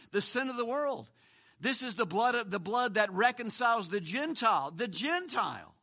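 A man's voice: very high-pitched, sharp tone. A male pastor preaching a sermon, emphatic and full of rhetorical questions, often repeating a word for stress.

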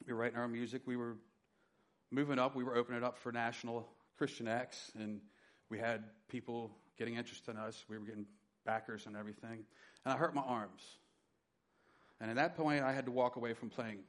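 A middle-aged man preaching a sermon, telling his personal testimony with dynamic swings from loud emphasis to quiet. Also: mid-range voice, little pitch movement, a little fast. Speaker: pastor.

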